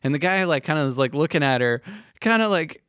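A man's voice: a little high, a little fast, smooth, dry recording, studio quality. Chatty man telling a work story. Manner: animated storytelling, many fillers. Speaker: podcast host. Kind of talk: casual chat.

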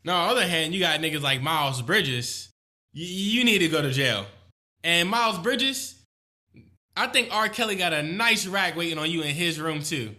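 A man's voice: fairly high pitch, lively intonation, normal speed, sharp tone. A man co-hosting a casual podcast, giving blunt, profane opinions and repeating points for emphasis. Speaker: podcast co-host.

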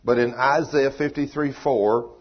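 A man's voice: mid-range voice, steady tone, measured pace, husky, muffled recording. An older man, preaching a sermon in a folksy, emphatic way, his voice climbing on exclamations. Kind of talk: sermon teaching.

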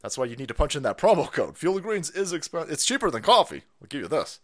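Loud swearing guy on a stream, high voice that jumps all over. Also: fast talker. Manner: foul-mouthed, animated, mocking. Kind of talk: profane political rant on a livestream.

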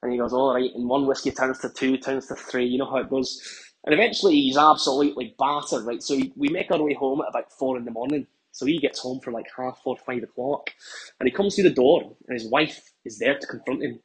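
A rough, raspy man with a lilt spins a rambling, animated comic tale. He jumps in and out of the voices of the people he describes, at an average pitch for a man. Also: a little fast, poor audio. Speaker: contestant. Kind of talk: comedic storytelling.

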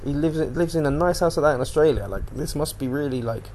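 A man's voice: a little high, normal speed, few pauses, darkish tone, slight background noise. A man hosting a casual solo podcast, rambling and swearing as he animatedly retells what he watched on TV. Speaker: podcast host.

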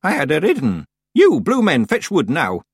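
A very old, stern witch with a thin, quavering, tart voice, as a male narrator puts her on. Her pitch rides up and swings widely, with a husky edge. It is close and dry on the mic. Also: huge pitch swings, normal speed, no room sound, full character voice.

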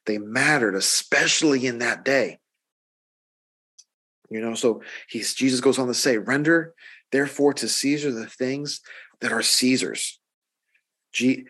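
Man, middle-aged, pastor, sermon, husky voice, chatty, repeats himself. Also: mid-range voice, fairly bright tone. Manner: conversational, repeats words, asks the congregation "right?".

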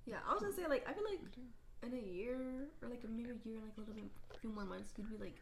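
A young woman with a fairly high, animated voice talks quickly. She reassures her friend with casual swearing and constant "like" fillers. It sounds like an easy, unscripted chat. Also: gravelly, a little hiss or hum. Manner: supportive listener, many "like" fillers, swears casually. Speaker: podcast co-host.

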